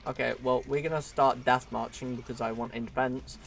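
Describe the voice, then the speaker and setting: A man's voice: mid-range voice, steady tone, a little fast, gravelly, fairly bright tone. A man giving casual, chatty commentary while live streaming a strategy game, laughing often and talking to his viewers.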